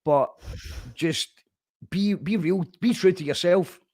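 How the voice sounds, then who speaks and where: A male radio host in casual conversation, encouraging and emphatic, often restarting his sentences. His voice sits higher than most men's. The sound is close and dry, with no room around it. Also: slow, darkish tone, dry recording. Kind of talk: casual interview chat.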